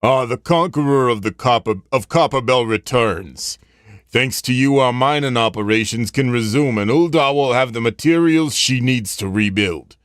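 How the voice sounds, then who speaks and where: An actor playing a friendly, formal town official in a game, speaking in a measured way. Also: male voice, mid-range voice, no echo, clean studio sound, close to an everyday voice. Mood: warm.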